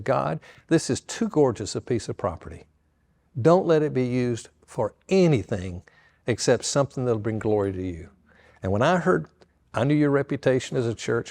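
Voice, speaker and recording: An older man, a pastor retelling a story with lively quoted dialogue to an audience. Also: mid-range voice, vocal fry.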